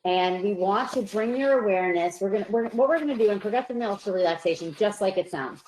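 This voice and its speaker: A woman psychologist guiding listeners through a relaxation exercise, calm and slow, her voice softening on each release. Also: mid-range voice. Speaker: psychologist presenter. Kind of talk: guided relaxation instruction. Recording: roomy echo.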